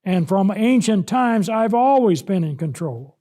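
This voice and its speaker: A man with a high, mellow voice preaching slowly and emphatically through a Bible lesson. He leans hard on key words and swells louder when giving voice to the scripture. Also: sing-song. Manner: slow, emphatic, rises loud when voicing God.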